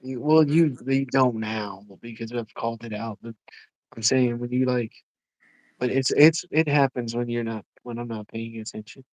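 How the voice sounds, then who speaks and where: A man's voice: medium pitch, normal speed, darkish tone, no room sound, muffled recording. Man in his own voice livestream co-host, rambling casual chat, dry close sound. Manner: rambling, filler-heavy, "you know what I'm saying".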